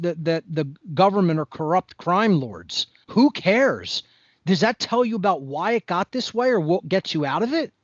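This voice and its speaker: A man's voice: fairly high pitch, dry recording, lo-fi sound. A man speaking as a podcast guest in an impassioned monologue, blunt, preachy and emphatic.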